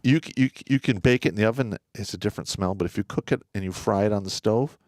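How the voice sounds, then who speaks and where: A man's voice: fairly low pitch, quick pace, darkish tone, dry recording. Male co-host, casual opinionated chat, swears, stammers into restarts, dry close mic. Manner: blunt, profane, stammering restarts. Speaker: livestream co-host.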